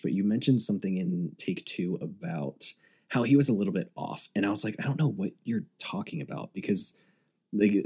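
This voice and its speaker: A man co-hosting a film podcast, talking casually and fast with lots of "like" fillers. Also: low voice, mellow, husky. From United States. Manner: chatty, fast, many "like" fillers. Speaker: podcast co-host.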